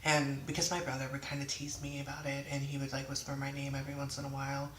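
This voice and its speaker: A young adult in their twenties tells a storytime at home in a rambling, off-the-cuff way, slipping into swearing and catching themself. The voice is bright and sharp but stays flat in pitch. The room sounds echoey, with faint noise behind. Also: fast. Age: 20s. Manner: rambling, swears then apologizes. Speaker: vlogger. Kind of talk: casual storytime. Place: indoors at home.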